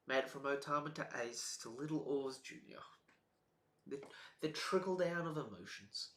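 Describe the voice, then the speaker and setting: A man streaming live reaction commentary, excitable, jumping between loud outbursts and soft mumbling. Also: medium pitch. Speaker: streamer reacting to a comic chapter. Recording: echoey room.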